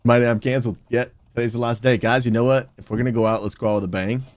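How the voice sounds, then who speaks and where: A man's voice: mid-range voice, rapid-fire, no room sound. A man who streams games and works as a pastor, chatting and laughing with friends while calling out plays over a gaming mic. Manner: excitable, laughs often, calls out plays. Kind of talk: casual gaming chat with friends.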